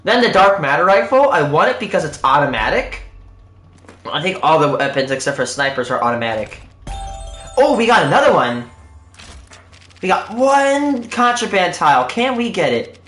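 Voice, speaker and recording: Hyped streamer talking to chat like a game show host; animated delivery, echoey room sound. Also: mid-range voice, moderate pace, soft background music. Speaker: live streamer. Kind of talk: casual live-stream commentary.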